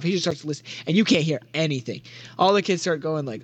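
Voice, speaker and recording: A man's voice: a little high, animated, fairly quick, dry recording. A young man narrating as game master of a tabletop role-playing game, giggly and rambling with lots of fillers. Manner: giggly, rambling with many likes.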